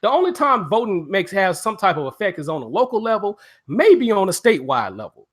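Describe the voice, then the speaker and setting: A man's voice: sits high, big pitch swings, a little fast. A man on a casual live stream, ranting profanely and taunting a viewer.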